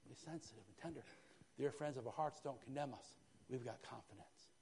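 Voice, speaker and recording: A male pastor preaching a sermon with fervor, dropping to a hush and then rising to shouts, and calling out "Amen?" to his congregation. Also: medium pitch, fairly quick, creaky, in a large hall, slight background noise. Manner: fervent, swinging from hushed to shouting. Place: church sanctuary.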